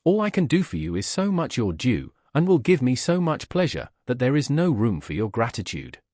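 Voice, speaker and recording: An effusive aristocratic suitor out of an old novel, read by a man. He pours out flowery devotion with a lively, swinging delivery. Dry, close recording. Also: medium pitch, moderate pace, no room sound. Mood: ardent. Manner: effusive, flattering.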